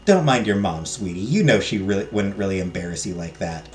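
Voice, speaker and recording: A man voicing a gentle, affectionate, doting mother. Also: low voice, lively intonation, brisk, soft background music, voice pushed down. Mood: tender. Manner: soft and affectionate.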